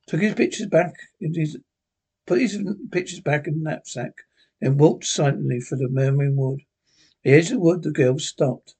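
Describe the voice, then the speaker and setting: A man reading a classic horror story aloud in a plain, steady storytelling voice, with occasional slips. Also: a little high, moderate pace, slightly rough. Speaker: narrator.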